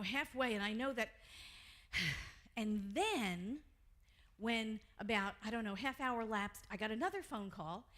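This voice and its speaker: A middle-aged woman preaches from the pulpit, her voice pitched high. She tells stories in an animated way and laughs often as she speaks. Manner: animated storytelling, frequent laughter. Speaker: reverend. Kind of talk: sermon.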